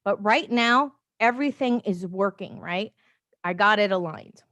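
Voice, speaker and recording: A woman hosting a casual livestream from her phone, chatty and rambling, with animated asides and frequent laughs. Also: medium pitch, measured pace, dry recording. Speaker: life coach livestream host. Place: home, with noise outside.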